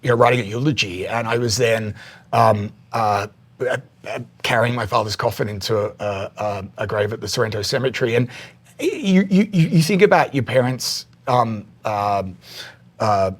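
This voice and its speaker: A man's voice: fairly low pitch, normal speed. An Australian man, a podcast guest, telling a personal story candidly, often repeating words and swearing freely.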